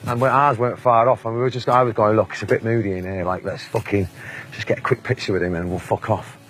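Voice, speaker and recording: A man's voice: lowish voice, fairly even intonation, fast talker, fairly bright tone. A Mancunian man in his forties, telling blunt, sweary anecdotes in a casual interview and laughing often. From England.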